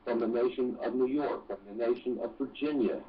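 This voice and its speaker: A man who is a guest on a talk radio show, explaining slowly and deliberately with pauses. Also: medium pitch, slight background noise. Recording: distant, dull phone-in sound.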